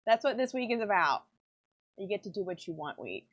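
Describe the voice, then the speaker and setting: Brisk and sing-song in a mid-range voice, a pen maker who hosts her own channel chats casually while working in her home workshop. She rambles with plenty of fillers, and the lo-fi sound is dull.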